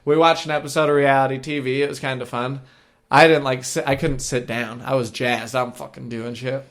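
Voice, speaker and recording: A man's voice: medium pitch, level tone, fairly quick, fairly bright tone. Crude laughing man telling a story. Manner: crude, rambling, laughs through his story. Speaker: podcast co-host. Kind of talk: casual storytelling chat. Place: shared room with co-host.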